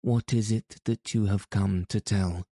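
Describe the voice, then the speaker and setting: Grim wizard bossing his servant around, deep slow dark voice, a man doing it. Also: steady tone, dry recording, studio quality. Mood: stern, commanding. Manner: commanding and imperious. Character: stern, menacing male wizard.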